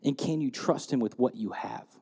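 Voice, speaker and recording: A man preaching a sermon, telling stories and retelling scripture in a lively storytelling way. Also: medium pitch, moderate pace, gravelly, slightly rough, big-room sound. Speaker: pastor.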